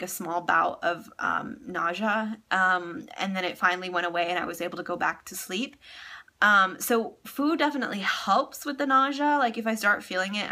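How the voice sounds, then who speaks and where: A woman's voice: on the low side, pushed and bright. A young woman talking candidly in a casual personal vlog, chatty and full of ums, emotional and close to tears. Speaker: vlogger.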